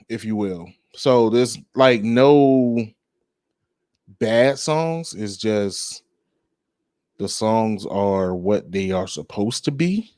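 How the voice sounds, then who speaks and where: Slow-talking laid-back man, dry sound. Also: fairly low pitch, a little mellow, no echo. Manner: rambling, laid-back, laughs at himself; drawn-out speech with many fillers. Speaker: podcast host. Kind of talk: casual music podcast chat.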